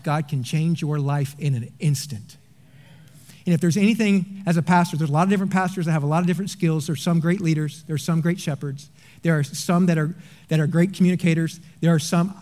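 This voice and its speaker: Preaching in a voice on the high side, this pastor shifts from lively storytelling to hushed, sincere appeals in his sermon.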